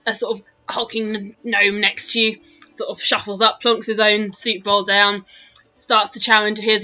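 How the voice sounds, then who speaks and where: A woman's voice: mid-range voice, bright, forceful tone. A British woman narrating a tabletop game as dungeon master, chatty and full of fillers. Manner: chatty, laughing, lots of fillers.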